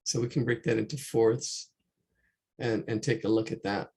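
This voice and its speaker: Man, art teacher, gravelly voice, rambling, casual, online class. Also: on the low side, fairly even intonation, moderate pace, dark tone. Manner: casual, rambling, repeats himself while working. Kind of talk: live online drawing class. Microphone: computer mic during a screen share.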